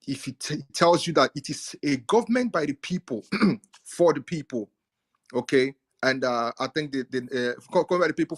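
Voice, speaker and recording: A man makes a political argument in a live audio chat. His voice is husky and a little rough, at a middle pitch. He lectures with emphasis and hammers his key words through repetition. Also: a bit bright. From Nigeria. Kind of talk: explanatory political talk.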